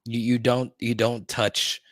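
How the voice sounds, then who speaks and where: A man's voice: mid-range voice, level tone, slow, a bit bright, no room sound, clean studio sound. A man hosting a live stream in casual chat, playful and teasing, with a joking repeated "huh?".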